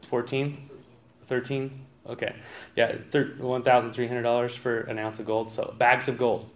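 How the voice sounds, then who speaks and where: A man's voice: mid-range voice, fairly even intonation, normal speed. A man preaching a conversational sermon in a church, reading scripture aloud and asking his congregation questions. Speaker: pastor. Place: church sanctuary.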